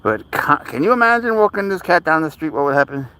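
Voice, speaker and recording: A man's voice: a little high, sing-song, quick pace, pushed and bright, no echo, rough recording. A man hosting a casual live stream with his pet cat, reading viewers' comments and chatting in a rambling, easygoing way, sometimes slipping into baby talk.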